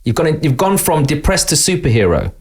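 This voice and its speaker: His voice runs on the high side and a little fast; he's a middle-aged man from East London, England. In a relaxed podcast interview he plays the animated storyteller, imitating the voices of those he quotes.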